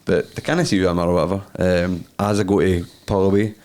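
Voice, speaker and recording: A man's voice: sits low, steady tone, quick pace, a little mellow. A young Scottish man co-hosting a podcast, teasing the others and telling stories with swearing and laughter. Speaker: podcast co-host. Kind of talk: casual chat, storytelling.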